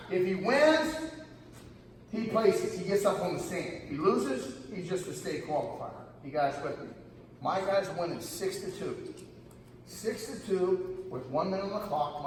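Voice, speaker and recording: A middle-aged male wrestling coach tells a story at camp, animated and emphatic, constantly calling his listeners "guys". His voice sits a little high. He is recorded from far off in a cavernous, reverberant gym, with steady room noise underneath. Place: large gym hall. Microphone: camera far from speaker. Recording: echoey gym, distant camera, audible room noise.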